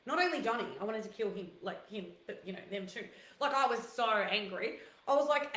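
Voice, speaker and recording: A woman's voice: mid-range voice, animated, fairly quick, few pauses, fairly bright tone. A woman hosting a casual chat show, talking freely and telling stories with lots of fillers and asides. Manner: chatty, storytelling with fillers and quoted asides. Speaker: host. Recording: roomy echo.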